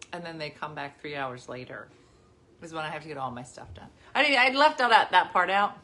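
A woman in her forties hosting a casual chat with viewers from her living room, chatty and animated, jumping from topic to topic. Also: lowish voice. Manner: chatty, animated, jumps between topics and laughs often. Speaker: livestream host.

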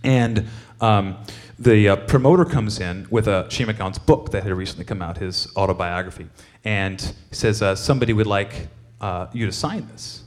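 A man's voice: fairly low pitch, moderate pace, few pauses, faint music behind. A man telling a long, rambling story to an audience between songs, with many fillers and restarts, laughing as he goes.

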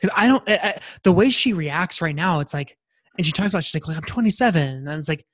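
A man with a slightly high voice, talking as a podcast co-host in a dry, close recording. He rambles earnestly and casually, circling back on his points with restarts. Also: lively intonation, quick pace, a bit bright, no echo. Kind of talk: casual chat recapping a reality show.

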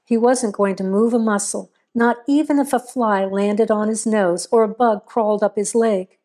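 A woman reading a scripted horror story aloud in a measured, steady storytelling voice. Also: medium pitch. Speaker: narrator.

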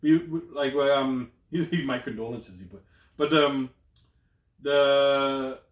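A man's voice: medium pitch, slow pace, reverberant, lo-fi sound. A Canadian man co-hosting a podcast, telling loose, profane stories full of slang in casual chat. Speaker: podcast co-host.

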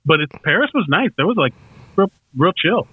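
A man's voice: high voice, very animated, fairly quick, breathy edge, no room sound. A man chatting casually and rambling a little, swearing freely as he talks. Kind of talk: casual chat. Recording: tinny phone-like sound.

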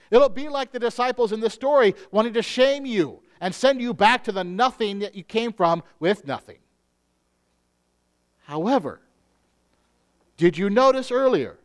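High smooth-voiced male pastor preaching. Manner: earnest preaching, slows on key phrases. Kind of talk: sermon.

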